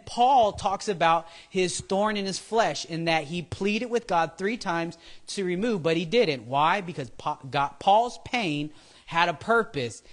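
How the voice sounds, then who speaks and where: A man's voice: fairly high pitch, fairly bright tone. A man preaching a casual sermon, chatty and prone to tangents, acting out what people say. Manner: chatty, goes off on tangents, acts out quotes in voices.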